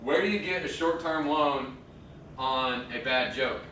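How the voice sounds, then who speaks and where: A man's voice: mid-range voice, a little slow, pushed and bright, a little hiss or hum. A man trading stage banter with puns, then performing a rhythmic spoken-word poem. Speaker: slam poet performer. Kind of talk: stage banter and slam poetry. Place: indoor stage at a live venue. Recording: echoey hall from far off.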